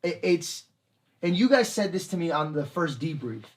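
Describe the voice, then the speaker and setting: A man, a comedian guest on a podcast, telling stories in an animated way and putting on voices for the people in them. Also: fairly high pitch, normal speed, a little hiss or hum. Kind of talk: storytelling podcast chat.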